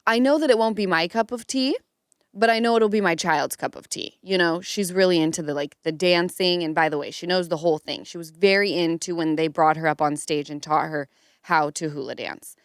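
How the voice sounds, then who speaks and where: A woman hosting a podcast, telling a story in casual chat and acting out quotes in a higher voice. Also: fairly quick, smooth, no echo, studio quality. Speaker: podcast host.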